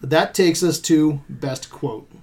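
A man talking about films with friends in a loose, profane way, laughing often. His voice sits a bit high for a man. He rattles through points in quick bursts. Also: darkish tone. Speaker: podcast co-host. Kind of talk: casual movie review chat.

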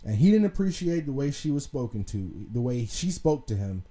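A man's voice: medium pitch, sing-song, moderate pace, mellow. A young adult man hosting a casual commentary monologue, talking loosely, swearing freely and trailing off into restarts. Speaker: podcast host.

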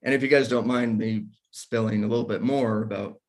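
A man's voice: on the low side, fairly even intonation, brisk. A man in his forties hosting a casual faith discussion, talking candidly and self-deprecatingly about his own struggles. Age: 40s.

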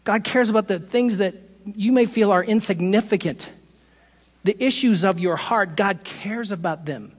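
A man preaching a sermon to his congregation, animated and quick to poke fun at himself with laughing asides. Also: high-pitched, in a large hall. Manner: animated, self-deprecating humor, laughs at own stories. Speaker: pastor. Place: church sanctuary.

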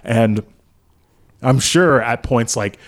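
A man's voice: medium pitch, slow pace. A man with a mid-range voice talks through a film on a casual podcast. He rambles with many fillers and drops swear words along the way. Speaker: podcast co-host. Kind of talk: casual movie-review chat.

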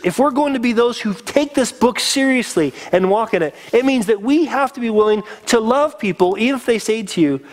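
A man preaching a sermon as a pastor, earnest and conversational, getting teary. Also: high-pitched.

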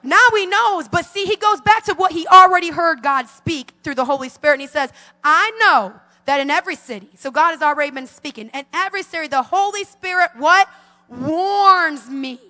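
Calling out to her congregation in a church sanctuary, a pastor in her forties delivers a fervent call-and-response sermon. Her very high-pitched voice sounds pushed and bright at a moderate pace, echoing as if in a large hall.

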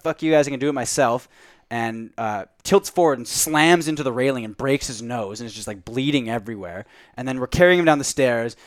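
A man's voice: mid-range voice, no echo, studio quality. A young man in his twenties, a podcast co-host, telling a long anecdote in casual chat, with lots of "like" and "uh".

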